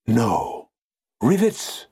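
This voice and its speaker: A man voicing an excitable, bearded boilermaker foreman who bursts out in high, eager cries. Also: takes it slowly, husky, exaggerated voice. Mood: excited.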